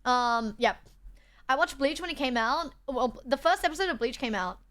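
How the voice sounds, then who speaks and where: Bright-voiced woman streamer. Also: high-pitched, lively intonation, moderate pace. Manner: chatty, reads chat aloud, self-deprecating. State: tired from travel. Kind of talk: casual live-stream chat.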